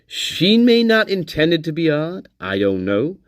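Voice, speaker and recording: A man's voice: on the high side, huge pitch swings, a little slow, no room sound, clean studio sound. A man hosting a live stream, rambling and swearing as he comments on a case, greeting viewers and repeating his opinions. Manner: swearing, rambling, laughs to himself; repeats himself, hedging opinions. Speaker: livestream host discussing a crime case. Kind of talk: casual live commentary with viewer shout-outs.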